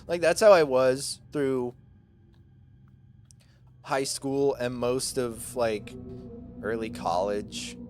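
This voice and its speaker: A man's voice: medium pitch, slow, pauses often, soft background music. A man in his twenties, a streamer, chatting casually with his viewers and rambling through a self-deprecating story full of fillers.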